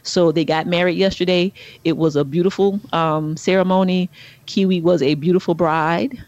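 Co-host: middle-aged woman, animated storyteller, muffled lo-fi sound. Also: moderate pace, dry recording. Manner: animated storyteller, rises to high exclaims. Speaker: podcast co-host. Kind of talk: casual chat.

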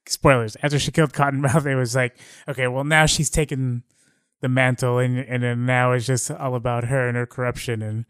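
Man in casual chat, smooth clear voice, relaxed and rambling, dry close sound. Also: mid-range voice, a little fast, dry recording. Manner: relaxed, lots of "like" and restarts.

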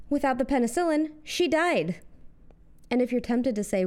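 A woman's voice: sits high, animated, brisk, a little mellow. A young American woman hosting a scripted comedic monologue, with sarcastic, punchy asides. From United States. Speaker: host.

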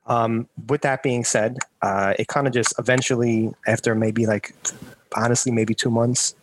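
A man's voice: medium pitch, fairly even intonation, moderate pace. A man telling a rambling story in casual chat on a podcast video call, with many fillers. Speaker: podcast co-host.

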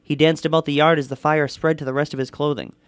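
A man co-hosting a podcast, reading a listener's story aloud in an animated way. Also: fairly high pitch, fast, smooth, dry recording. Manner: animated reading, often breaking into laughter. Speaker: podcast co-host.

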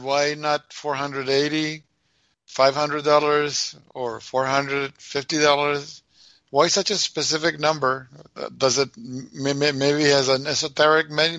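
A man co-hosting a casual podcast chat, halting and repeating words, asking wry questions. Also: a little high, fairly even intonation, pushed and bright, dry recording. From Minnesota, United States. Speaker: podcast co-host.

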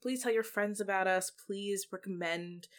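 A woman's voice: medium pitch, moderate pace, clean tone. A woman co-hosting a podcast in easy, casual chat. She tells stories with animation and acts out her own remarks. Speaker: podcast co-host.

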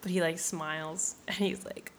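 A young woman casually retelling a book in an animated, profane way, full of fillers and asides. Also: on the low side, normal speed. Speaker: book summarizer.

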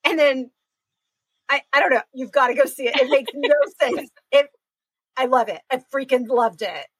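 A woman's voice: high-pitched, normal speed, slightly rough, no echo, rough recording. A woman co-hosting a podcast in casual chat, gushing and laughing often. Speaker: podcast co-host.

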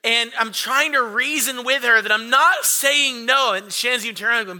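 A man in his thirties preaching a sermon, telling a personal story with lively, animated delivery and acting out voices. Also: very high-pitched, brisk, few pauses. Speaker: pastor.

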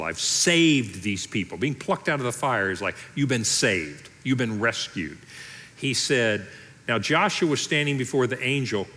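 A male pastor delivers a sermon at a middle pitch in a plain, conversational way. He slips into voicing the people in the story as he tells it. A long reverb trails his voice through the hall. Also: sharp tone. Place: church auditorium.

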